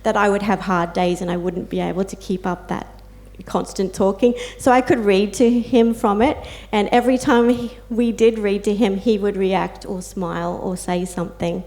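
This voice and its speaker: Mujer australiana contando historias con sentimiento. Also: female voice, medium pitch, fairly even intonation, normal speed, darkish tone. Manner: heartfelt storytelling with fillers and quoted asides. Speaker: peer support volunteer and carer speaking on a panel. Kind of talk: personal talk to an audience.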